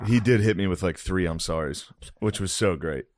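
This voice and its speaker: Low deep guy, laid back comedian, dry close mic, rambling story and doing people's lines. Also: normal speed, darkish tone, dry recording. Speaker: podcast co-host and comedian. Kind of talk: casual storytelling.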